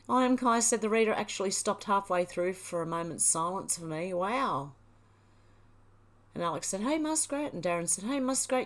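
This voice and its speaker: A middle-aged woman hosting a livestream, reading viewer comments aloud and chatting back casually. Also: lowish voice. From Australia. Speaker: livestream host reading chat. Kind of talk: casual chat.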